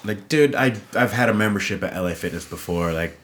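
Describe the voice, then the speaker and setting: A man's voice: fairly low pitch, lively intonation, a little fast, a bit bright. A man, a podcast guest in casual chat over drinks, telling stories in a brash way and swearing freely.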